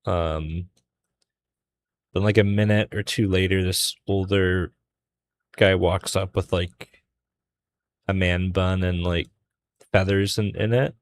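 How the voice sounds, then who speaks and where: Young male artist on stream, deep gravelly voice, loose rambling chat. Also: steady tone, takes it slowly, long pauses, a little hiss or hum. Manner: rambling storytelling with many fillers. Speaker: artist streaming a drawing session. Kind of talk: casual chat while drawing.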